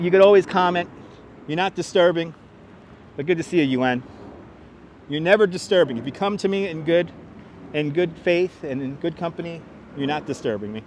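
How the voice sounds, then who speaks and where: A chatty man hosting a live stream on a handheld phone as he walks through an urban park. His voice is high and lively, bouncing around as he greets viewers and teases them. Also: a little hiss or hum. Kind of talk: casual live-stream chat.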